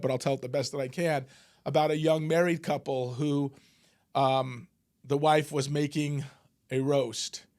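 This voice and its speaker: A middle-aged man hosting a motivational podcast, telling stories in a loose, conversational way with fillers and restarts. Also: on the high side. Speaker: podcast host and business coach. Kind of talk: casual motivational talk.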